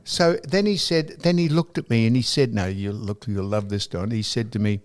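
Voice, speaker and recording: A man's voice: on the low side, normal speed. An older Australian man co-hosting a podcast, telling an anecdote in casual chat, mimicking people and swearing now and then. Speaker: podcast co-host.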